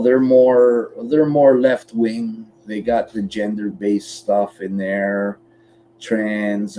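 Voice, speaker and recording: A man's voice: medium pitch, mellow, a little hiss or hum. A man from Canada co-hosting a podcast, chatting casually and bluntly, swearing freely while walking through a website step by step. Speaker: podcast co-host. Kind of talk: casual chat.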